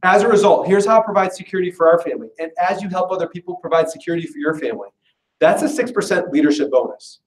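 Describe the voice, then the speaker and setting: In an echoey meeting room, a man presenting at a business info session talks fast through a casual, jokey sales pitch to the live audience. He keeps it chatty and self-deprecating with plenty of laughs, his voice distant from the mic.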